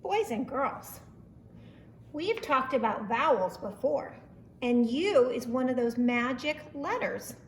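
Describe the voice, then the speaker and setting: A woman preschool teacher giving a lesson and reading a story aloud, speaking slowly, clearly and encouragingly. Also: high-pitched, expressive, a little hiss or hum.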